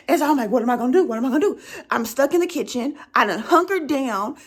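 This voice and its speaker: A young woman tells a comedic story in a conversational way and keeps checking in with her listener. Her voice sits high and swings widely as she talks. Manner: animated, conversational, keeps asking the listener "right?". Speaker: vlogger telling a story.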